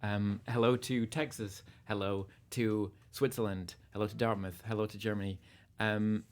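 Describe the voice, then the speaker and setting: A man's voice: fairly low pitch, little pitch movement, normal speed. A British man with an accent drifting slightly North American, hosting a casual livestream chat in a jokey, easygoing way. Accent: British English, drifting slightly North American. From Britain. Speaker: livestream host.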